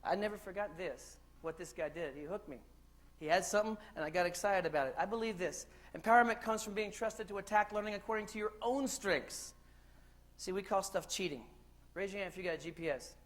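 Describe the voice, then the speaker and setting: A man from the United States giving a conference keynote in a lively, joking storytelling way, asking the crowd questions. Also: sits high, brisk. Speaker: keynote speaker. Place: conference hall stage.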